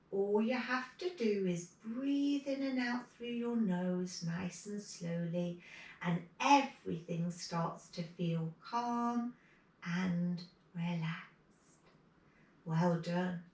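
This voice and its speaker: Brief: woman, kids' yoga teacher, unhurried and soothing, recorded from a distance in a roomy space. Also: lowish voice. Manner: gentle, encouraging, soothing. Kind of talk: guiding a kids' yoga and relaxation session. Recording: echoey room from a distance.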